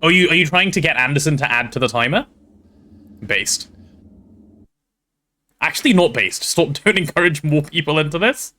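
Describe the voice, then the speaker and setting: A man chatting casually while playing on a game stream, talking to his chat and thinking out loud. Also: a little high, animated, normal speed, long pauses.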